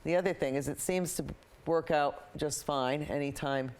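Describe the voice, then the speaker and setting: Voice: mid-range voice, normal speed, a little mellow, clean tone. A painting show host talks casually as they work, drifting from personal opinions back to the painting. The delivery is loose and rambling, with many fillers, repeated phrases and sentences that start over midway. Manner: repeats itself, often restarts sentences. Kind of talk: casual chat while painting.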